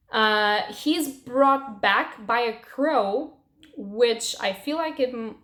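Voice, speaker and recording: A young woman chatting casually about books she read, emotional and expressive, swearing now and then. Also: medium pitch. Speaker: book reviewer. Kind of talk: casual book wrap-up chat. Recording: roomy echo.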